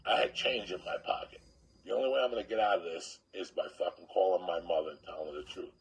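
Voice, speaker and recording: A man telling a profane comic story in a loud, animated way, acting out other people's lines. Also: low-pitched, fast, low-quality recording. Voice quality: gravelly.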